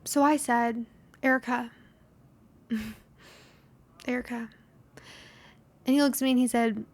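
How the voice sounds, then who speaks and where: A woman's voice: a little high, steady tone, unhurried, long pauses. A young woman hosting a podcast, telling a story in a chatty, self-deprecating way and acting out the lines of the people in it. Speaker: podcast host. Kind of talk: casual solo storytelling.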